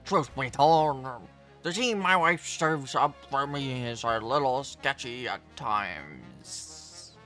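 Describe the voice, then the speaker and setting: Pompous middle-aged male juror in a game, voiced by a woman: deliberate, stiff, bright-edged delivery. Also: extremely low pitch, lively intonation, soft background music, pitched below the performer's own voice, full character voice. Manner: slow, stiff and self-important.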